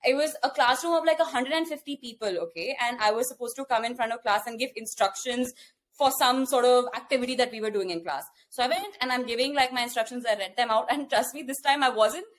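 A woman with an Indian accent, co-hosting a podcast and telling a personal story in animated casual chat. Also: fairly high pitch, quick pace. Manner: animated storytelling with frequent fillers and restarts. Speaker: podcast co-host.

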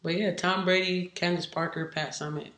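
Guest spot: woman head coach, lively storyteller, acts out the voices of others, roomy echo around her. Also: lowish voice, moderate pace, a little hiss or hum. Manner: animated, acts out what others said. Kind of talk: casual interview storytelling.

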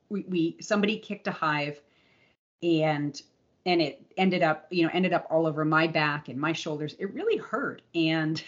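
A woman co-hosting a podcast, telling a personal race story in a candid, animated way with frequent restarts and laughter. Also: sits low, lo-fi sound. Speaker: podcast co-host and endurance coach. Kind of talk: casual storytelling chat.

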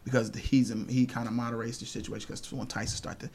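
A young man in casual chat, rambling through stories, swearing freely and quick to laugh. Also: mid-range voice, flat delivery, a little mellow.

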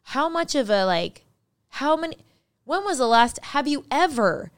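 A woman's voice: fairly high pitch, animated, measured pace, fairly bright tone, smooth. A woman guest on a podcast, talking as a life coach in an upbeat, emphatic way and laughing often. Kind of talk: motivational podcast talk.

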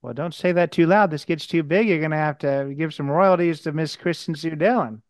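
A man's voice: on the high side, brisk, no echo, clean studio sound. A man hosting a podcast interview, asking earnest questions and often repeating words as he starts. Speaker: podcast host.

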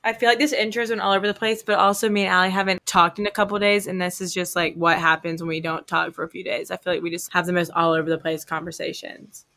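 A young woman with a lowish voice co-hosts a casual podcast chat. She rambles through her stories, leans on fillers like "like," and laughs easily as she talks. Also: little pitch movement, quick pace, hardly any pauses, pushed and bright. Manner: rambling storyteller, many fillers, often laughing. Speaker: podcast co-host. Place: Hawaii.

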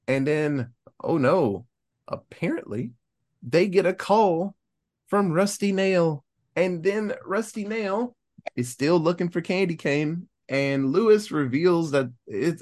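A podcast host recaps a movie plot casually, his voice on the high side and slow. He's an animated storyteller who acts out the characters' lines as he goes.

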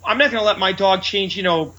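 A man, a comedian and show headliner, chatting casually and telling stories in a loud, brash way, acting out what he said. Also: high voice, fast talker, dull audio. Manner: loud, brash storyteller who acts out his own lines. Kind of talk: casual chat.

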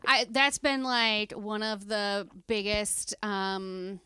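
Female co-host, slow halting delivery, bright crisp tone, dry close sound. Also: medium pitch, level tone, dry recording. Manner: hesitant, halting, many fillers. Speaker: podcast co-host. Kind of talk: casual chat.

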